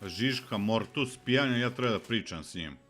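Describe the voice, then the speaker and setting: A man commenting casually on his game playthrough, with relaxed, chuckling asides. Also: mid-range voice, fairly quick, faint music behind. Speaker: gaming streamer.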